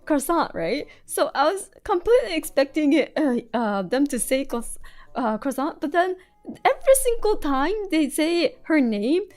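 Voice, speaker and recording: Giggly high-voiced young American woman. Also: very animated, moderate pace, a little mellow, faint music behind. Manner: giggly, rambling, lots of fillers. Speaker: streamer drawing on stream. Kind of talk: casual live-stream chat.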